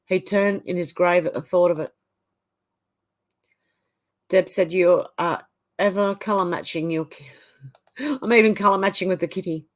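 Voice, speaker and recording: An Australian livestream host reads chat comments aloud and reacts casually. She speaks in a lowish voice at a moderate pace, pausing often.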